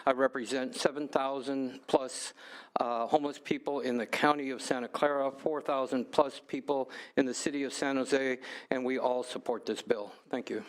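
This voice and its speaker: A man's voice: mid-range voice, fairly even intonation, normal speed, rough recording. A man giving a short, plain public comment at a legislative hearing as a homeless advocate. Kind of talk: brief public testimony at a hearing.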